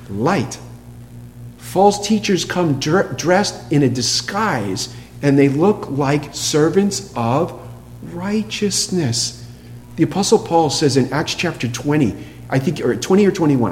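A man delivers a sermon in a large room, and his voice trails off in a long reverb. A faint hum runs underneath. He speaks emphatically and asks the congregation rhetorical questions, then drops to a hush for quoted lines. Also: medium pitch. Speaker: preacher.

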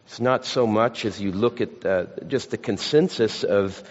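A man's voice: lowish voice, a little slow. A man preaching a sermon, mixing scripture with folksy, self-deprecating stories. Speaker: pastor. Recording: lo-fi church hall recording.

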